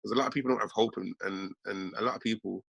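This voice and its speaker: A man's voice: fairly low pitch, fairly even intonation, gravelly, a bit bright, breathy edge, dry recording, dull audio. A young man, telling a rambling story in heavy street slang. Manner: slangy, fast, peppered with innit and bruv. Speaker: host.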